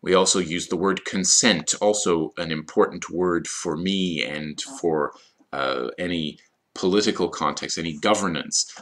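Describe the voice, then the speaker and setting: Low-voiced guy explaining vocab slowly for esl learners, goes over words again. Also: fairly bright tone. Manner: slow, explanatory, repeats key words. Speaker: ESL teacher. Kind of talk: vocabulary lesson.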